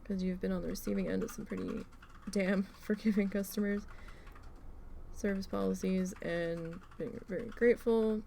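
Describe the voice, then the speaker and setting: A woman hosting a craft livestream, casually telling a story with animated swearing while she works. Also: medium pitch, moderate pace, vocal fry, slight background noise. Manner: animated, profane, acts out quoted people.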